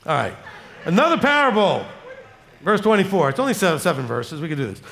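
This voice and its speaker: High-voiced guy preaching, real casual and blunt, keeps going "okay?", pitch bouncing all over, hall reverb. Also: very animated, fast, a bit bright, slight background noise. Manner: blunt, conversational, jokes and asks "okay?" often. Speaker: rabbi teaching scripture. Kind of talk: informal sermon teaching.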